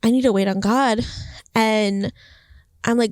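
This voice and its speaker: A young woman talking about her faith in a casual vlog, chatty and animated, filling her sentences with "like" and acting out what was said. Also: mid-range voice, fairly quick, no echo. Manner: chatty, heavy use of "like", animated quoting. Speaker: faith vlogger. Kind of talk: casual devotional vlog monologue. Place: indoors, Los Angeles home. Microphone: phone or camera mic.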